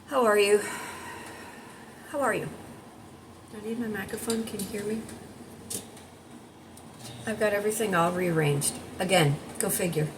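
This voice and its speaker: Chatty woman in her sixties, low-voiced. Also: background noise. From United States. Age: 60s. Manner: chatty, rambling, talks directly to viewers. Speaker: vlogger and life coach. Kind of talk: casual morning chat to camera.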